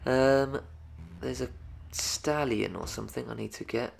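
Gravelly Essex man, slow gaming chat. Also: mid-range voice, slight background noise. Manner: chatty, excitable, talks to viewers. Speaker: gaming YouTuber. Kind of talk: let's play commentary.

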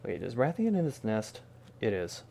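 A man's voice: fairly low pitch, huge pitch swings, moderate pace, vocal fry, dark tone, slight background noise. A man streaming a video game, talking to himself in a casual, wry way with joking asides. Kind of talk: casual gameplay commentary.

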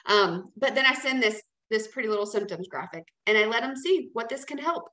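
A woman's voice: fairly high pitch, expressive, fairly quick, sharp tone, roomy sound, rough recording. A woman leading a casual training talk, chatty and encouraging, often checking in with "okay?". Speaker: team leader training new sellers.

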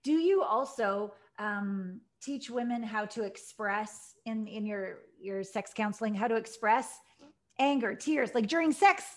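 Engaged woman host, higher voice. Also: animated, a little slow. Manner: engaged, frequent affirming murmurs. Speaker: podcast host. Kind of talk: conversational interview.

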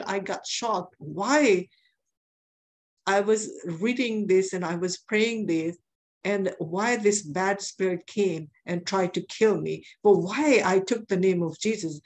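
A woman preaching a sermon, telling a testimony in an earnest way and repeating phrases for emphasis. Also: medium pitch.

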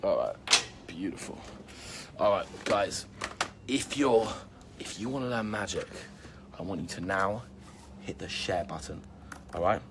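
A man with a deep, low voice chats casually on a live stream and reads fans' comments out one after another. He keeps it upbeat and hypes his viewers, with plenty of "um" and "like." A faint hum sits underneath. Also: unhurried, pauses often. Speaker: magician hosting a live stream. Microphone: phone or laptop live stream.

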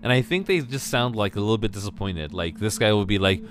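A man casually commenting on his own gameplay, switching between excited yelps and shouts and muttered asides. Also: lowish voice, fast talker, hardly any pauses, faint music behind. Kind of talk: casual let's play commentary.

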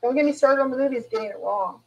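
A woman's voice: high-pitched, racing, darkish tone, lo-fi sound. A woman author in a live interview, telling candid stories in a rambling way with frequent restarts. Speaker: author guest.

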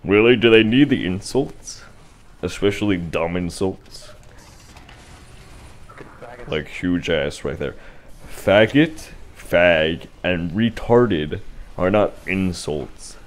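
A man's voice: sits low, expressive, slow, pauses often. A young man giving casual, rambling commentary over his own gameplay, with sarcastic asides. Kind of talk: casual let's-play commentary.

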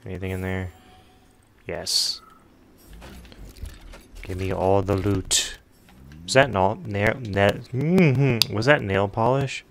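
A man's voice: lowish voice, fairly even intonation, slow, vocal fry, pauses often, slight background noise. A man streaming a game, giving laid-back, joking commentary and mocking the characters. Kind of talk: casual gaming commentary.

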